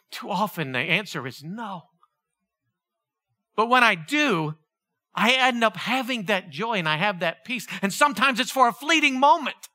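A man delivers a sermon in a high, strikingly bright and forceful voice that rises and falls widely. He swings between loud, impassioned exclamations and quiet, earnest reflection. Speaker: preacher.

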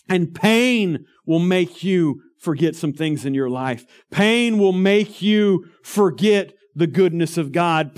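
A man's voice: high voice, a little mellow. A man preaching a sermon, conversational and down to earth, with bursts of emphasis and humorous personal asides. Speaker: pastor.

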